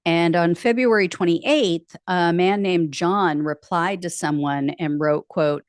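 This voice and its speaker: A woman's voice: lowish voice, slow, hardly any pauses, smooth, dry recording, studio quality. A woman hosting a political news show, casually commenting and reading out posts with wry, sarcastic asides.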